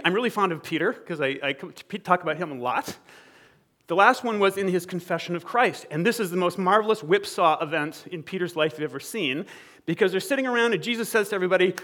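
A man preaching a sermon in an animated, conversational way, acting out quoted dialogue and checking in with the congregation. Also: high voice.

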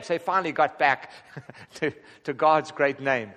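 A man's voice: a little high, unhurried, few pauses, fairly bright tone. A man teaching a casual Bible study to a small group, chuckling often and acting out the prayers he quotes. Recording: long hall reverb.

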